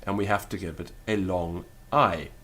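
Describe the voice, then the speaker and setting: A man teaching Latin in a lecture, deliberate and careful, sounding out syllables one by one. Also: deep voice, fairly even intonation, fairly bright tone. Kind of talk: spoken lecture.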